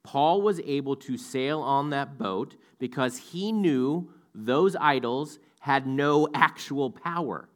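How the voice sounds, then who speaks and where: A man teaches the Bible verse by verse in a relaxed, conversational way. His voice sits at an ordinary middle pitch. He now and then pauses to correct himself with small asides.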